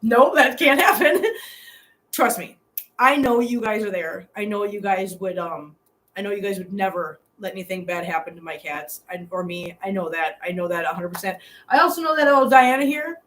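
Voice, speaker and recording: A woman's voice: medium pitch, brisk, fairly bright tone, rough recording. A middle-aged woman hosting a live stream from a hotel room. She talks earnestly and from the heart to her viewers and laughs often. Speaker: channel host.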